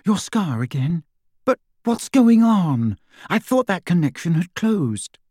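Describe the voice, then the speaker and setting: Shrill anxious schoolgirl witch, voiced by a man. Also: lively intonation, normal speed, darkish tone, husky, dry recording, studio quality. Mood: frightened. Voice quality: shrill, frightened.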